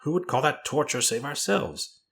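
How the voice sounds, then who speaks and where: A man voicing a hesitant, mild-mannered clergyman who speaks reluctantly and slowly. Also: mid-range voice, lively intonation, fairly bright tone, pitched above the performer's own voice. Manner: reluctant and slow.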